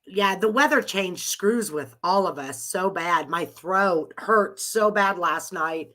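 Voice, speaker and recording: A woman's voice: on the low side, slow pace, a bit bright. A middle-aged woman with a cold, hosting a live chat with listeners in a rambling, chatty way and laughing often. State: has a cold. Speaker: live audio room host.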